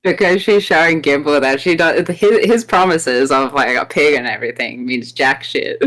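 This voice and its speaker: A woman's voice: deep voice, normal speed, fairly bright tone, poor audio. A woman playing a tabletop game, chatting playfully and laughing often as she narrates her character's actions. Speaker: player.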